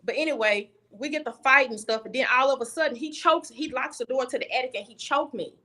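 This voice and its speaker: A woman's voice: high voice, quick pace, pushed and bright. A young woman guest on a video call, telling a personal story candidly and bluntly, often restarting her sentences.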